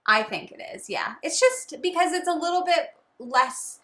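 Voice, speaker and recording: A woman's voice: high voice, expressive, moderate pace, pushed and bright. A woman co-hosting a casual board game chat, playful and teasing as she talks. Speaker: board game channel co-host.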